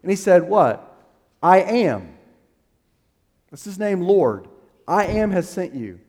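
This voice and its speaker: Male pastor, high and lively delivery, emphatic preaching build, reverberant sanctuary sound. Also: slow pace, pauses often, breathy edge. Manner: emphatic, rising to a preaching crescendo; restarts and fillers while finding the verse. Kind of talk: sermon.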